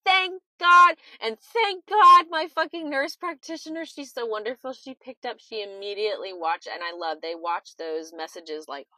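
A young woman hosting a podcast in a casual confessional chat, dramatic and expressive, swearing freely. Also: a little high, normal speed, hardly any pauses, no room sound. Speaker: podcast host.

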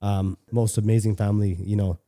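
With a fairly low, mellow voice and flat delivery, a middle-aged Canadian man speaks fairly quickly as a podcast guest. He recounts a personal story casually and frankly, swearing freely and frequently starting sentences over.

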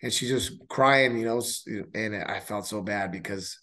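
A middle-aged man talks as a youth wrestling coach co-hosting a podcast. His voice sits low, and he tells stories in a loose, rambling way full of ums and restarts. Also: normal speed, sharp tone. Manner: rambling, storytelling with many fillers. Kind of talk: casual podcast chat.

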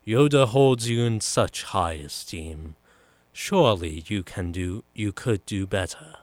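A man putting on an impression of a stern, aristocratic elderly villain count, speaking in a measured, disdainful way. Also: lowish voice, expressive, no echo.

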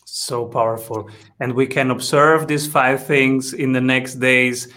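A man hosting an interview, asking thoughtful, measured questions. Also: medium pitch, flat delivery, pushed and bright. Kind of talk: interview conversation.

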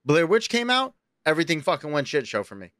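A man from New York co-hosting a podcast, telling stories in a loose, animated, profane way and jumping into high excited voices when he quotes himself. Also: fast talker, no echo, studio quality. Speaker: podcast co-host. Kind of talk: casual chat, storytelling.

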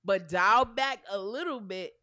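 A woman's voice: mid-range voice, measured pace, pushed and bright, no room sound, studio quality. A woman chatting casually as a podcast co-host, explaining her point and retelling conversations. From New York. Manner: conversational, explaining with reported dialogue. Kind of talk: casual chat.

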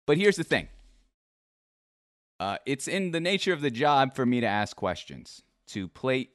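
Earnest clear-voiced man in his twenties. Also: mid-range voice, big pitch swings, measured pace, no room sound, clean studio sound. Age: 20s. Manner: earnest, reassuring, repeats "all right?". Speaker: interview host. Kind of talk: livestream interview.

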